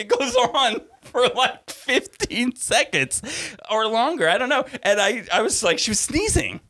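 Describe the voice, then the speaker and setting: A man's voice: sits high, huge pitch swings, normal speed, few pauses, pushed and bright. A man co-hosting a podcast, telling a story in casual chat and laughing as he acts out the people in it. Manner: laughs through his story, acts out voices. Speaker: podcast co-host.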